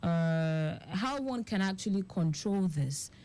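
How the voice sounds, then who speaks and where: A radio host with a Nigerian English accent asks her guest long, winding questions, pausing on fillers as she goes. Her voice sits low and mellow. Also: lively intonation. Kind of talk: radio health interview.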